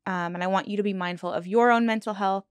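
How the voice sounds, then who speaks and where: A woman hosting a true crime channel, telling a dark case in a casual, earnest way with asides and fillers, sometimes choked up. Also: medium pitch, steady tone, quick pace, clean tone, no room sound. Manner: earnest, emotional, choked up at times; conversational with many fillers and restarts.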